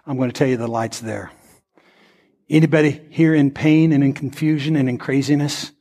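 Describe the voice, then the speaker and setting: A man's voice: medium pitch, steady tone, normal speed, dark tone. A male pastor preaching a sermon that builds into an impassioned altar-call prayer. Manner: impassioned, rising to fervent prayer.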